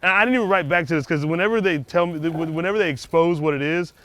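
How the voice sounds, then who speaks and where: A man with a somewhat high voice talks in loose, lively chat while walking down a street outside. He swears freely and slips into other people's voices to act out what they said. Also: fast, a little hiss or hum. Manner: animated, profane, acts out quoted people. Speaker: comedian guest. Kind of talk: casual chat. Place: outdoors on a neighborhood street.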